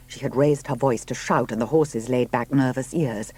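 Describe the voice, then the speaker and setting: A man reading a novel aloud as audiobook narrator, in a measured way. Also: mid-range voice, steady tone, a little mellow. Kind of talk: scripted narration.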